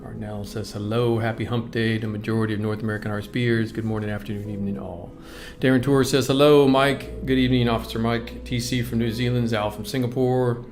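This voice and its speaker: A man's voice: medium pitch, flat delivery, a little fast, few pauses, darkish tone, soft background music. A man hosting a live stream, greeting viewers and reading their comments aloud in a casual, upbeat way. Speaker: livestream host.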